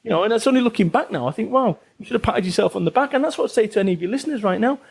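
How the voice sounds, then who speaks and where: A man's voice: sits high, expressive, rapid-fire, gravelly, breathy edge. A man in his forties with a Salford accent, a business author talking bluntly and swearing freely as a podcast guest, repeating phrases for emphasis. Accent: Northern English, Salford. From England. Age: 40s. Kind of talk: casual interview chat.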